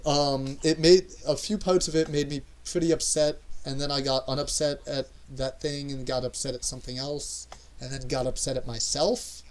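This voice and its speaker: A man's voice: mid-range voice, fairly even intonation, moderate pace, hardly any pauses, slight background noise, rough recording. A man chatting casually as a podcast co-host, rambling and trailing off with lots of fillers. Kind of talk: casual chat.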